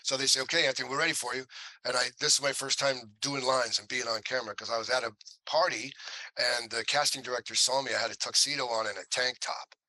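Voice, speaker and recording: On a low-quality recording with no echo, an older man who acts chats as an interview guest. His medium-pitched voice moves fairly quickly while he spins lively anecdotes, performing the quoted lines of the people involved.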